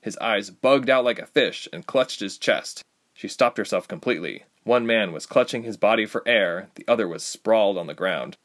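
A man narrating a fantasy audiobook with expressive storytelling. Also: fairly low pitch, normal speed. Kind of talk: scripted narration.

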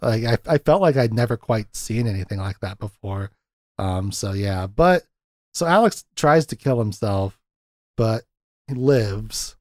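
A man's voice: fairly low pitch, expressive, unhurried, darkish tone, dry recording, studio quality. A man hosting a podcast in casual film chat, laughing often and acting out scenes as he retells them. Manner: chatty, laughs often, acts out quotes from scenes. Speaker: podcast host.

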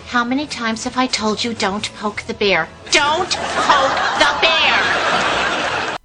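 A woman's voice: on the high side, expressive, slow, a loud crowd. An actress playing an exasperated middle-aged sitcom mother who scolds with a laugh. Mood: scolding. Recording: sitcom clip with laugh track and music.

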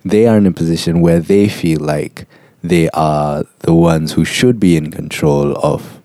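A man, speaking in a thoughtful, measured way as a podcast co-host. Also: deep voice, warm tone, no echo, studio quality. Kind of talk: casual chat.

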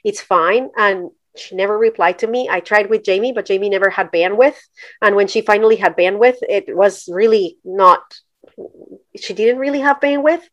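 A woman's voice: mid-range voice, normal speed, dry recording. Direct, emphatic woman in a dry room. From Colombia. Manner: direct, emphatic, acts out quoted voices. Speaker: podcast guest. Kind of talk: candid conversational storytelling.

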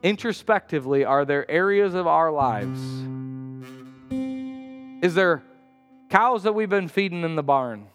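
Guy preaching a sermon, kinda high voice, acts out the quotes, echoey church hall. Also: measured pace, long pauses, faint music behind. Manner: animated storytelling, acts out quotes with sudden high outbursts. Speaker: pastor. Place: church sanctuary.

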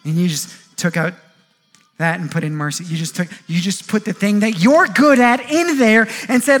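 Bright-voiced high male preacher. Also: moderate pace. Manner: animated, acts out quoted voices, repeats words. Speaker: pastor. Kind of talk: sermon.

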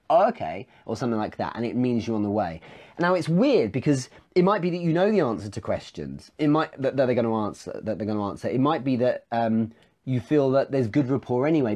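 A man's voice: medium pitch, warm tone. A middle-aged man giving a conversational sales-training talk on a live stream, with asides and restarts.

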